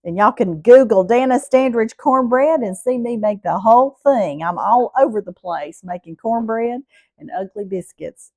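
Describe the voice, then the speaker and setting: A woman's voice: a little high, expressive, normal speed, a little mellow, dry recording, clean studio sound. A middle-aged woman with a Southern US accent hosts a casual cooking vlog, chatting to viewers in a homey way. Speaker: cooking show host.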